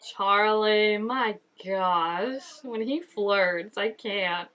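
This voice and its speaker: A woman hosting a casual reaction video, chatty and animated, with lots of filler words and quick laughs. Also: medium pitch. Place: indoors at home, changing daylight.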